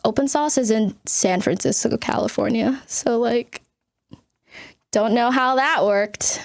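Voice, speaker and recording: A woman streamer telling a rambling story to her chat, swearing freely, full of filler words, and jumping in pitch for emphasis. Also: measured pace, creaky. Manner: animated, jumps between pitches for emphasis.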